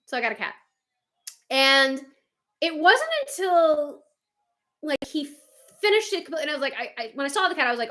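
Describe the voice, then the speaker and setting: Woman, livestream host, casual chat, fairly high pitch, sharp bright tone, animated. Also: fairly quick, pauses often. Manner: animated, chatty, swears casually, laughs often. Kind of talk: casual chat reading viewer comments.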